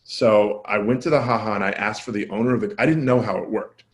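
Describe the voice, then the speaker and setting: A male comedian, appearing as a podcast guest, tells a story at a quick pace. Casual and self-deprecating, he animatedly performs quoted lines with his voice leaping up and down in pitch.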